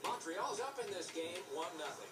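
A hockey game announcer. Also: male voice, high-pitched, lively intonation, sharp tone. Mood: calm. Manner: measured broadcast delivery. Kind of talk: sports commentary. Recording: game audio from far off.

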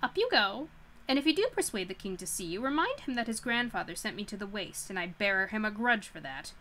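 A woman's voice: mid-range voice, sing-song, brisk, bright, forceful tone, slight background noise. Woman reading as a mocking wicked witch. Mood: taunting. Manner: taunting, amused.

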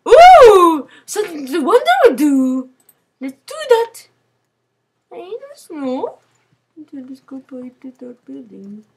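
A woman's voice: high-pitched, very animated, slow pace, vocal fry, pauses often, dark tone. A young woman playing a game with a friend, in silly, dramatic, exclaiming commentary. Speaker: gamer.

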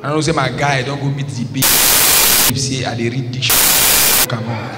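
A man's voice: mid-range voice, fairly even intonation, brisk. A Nigerian man telling a comic story in Pidgin at a stand-up show, often laughing as he talks. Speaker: stand-up comedian. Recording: echoey hall with clear noise.

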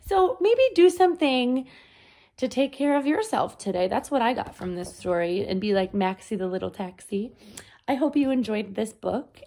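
A woman reading a picture book aloud to children in a gentle voice, stopping to add her own comments. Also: on the high side. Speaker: storyteller.

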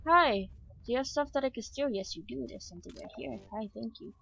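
Young female let's-player, excitable and talkative, bright and high, dull home recording. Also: brisk, gravelly, husky. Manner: excitable, shrieks when startled, chatty asides. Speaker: gamer. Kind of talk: let's play commentary.

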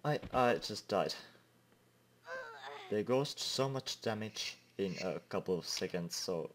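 A man's voice: lowish voice, lively intonation, slow pace, slight background noise. A young man giving casual gameplay commentary, chatting and laughing at his own slips of the tongue. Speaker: let's play host.

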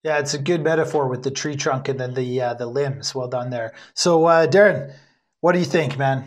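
A man's voice: medium pitch, normal speed. A man hosting a casual photography podcast chat and signing off with playful thanks. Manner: laughing, playful sign-off. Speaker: podcast host.

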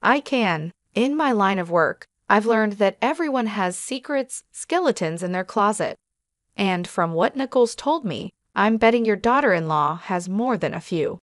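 Woman doing a tough no-nonsense PI guy, measured, dry close voice. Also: mid-range voice, animated, no echo, close to an everyday voice. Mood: confident. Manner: measured, quietly menacing. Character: rugged, no-nonsense male private investigator, confident.

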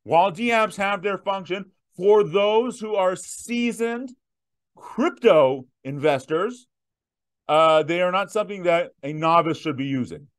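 A man in his thirties hosting a viewer Q&A, emphatic and direct, slowing down to stress his points. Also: high voice, animated. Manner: emphatic, punchy repetitions, slows down to stress points. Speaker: host answering viewer questions. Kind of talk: direct-to-camera Q&A.

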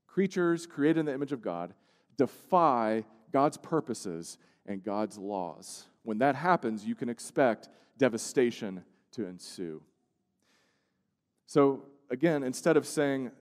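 A male pastor delivering a sermon, moving from hushed, slow passages to loud, emphatic outbursts. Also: medium pitch, animated. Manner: preaching with swings from hushed to emphatic. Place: church sanctuary. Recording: long church-hall reverb.

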